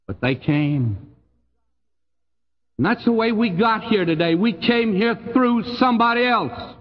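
Folksy Texan preacher, slow and emphatic. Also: male voice, expressive, big-room sound, lo-fi sound. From Texas. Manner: folksy, emphatic, swoops high on key phrases and drops low. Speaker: pastor. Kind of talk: sermon.

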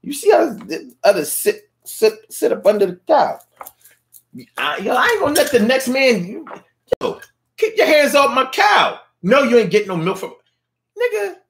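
A man's voice: very high voice, sing-song, normal speed, vocal fry. A man delivering a playful, slangy, rambling comedic monologue, at times mooing like a cow.

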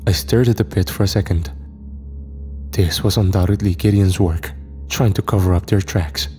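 A man narrating a first-person horror story in a steady, even manner. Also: sits low, normal speed.

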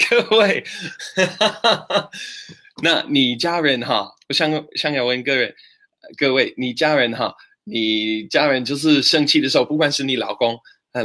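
Hosting a casual streamed English lesson, the man has a medium-pitched voice that comes across pushed and bright. He's lively, yet he slows down to repeat expressions and spell them out.

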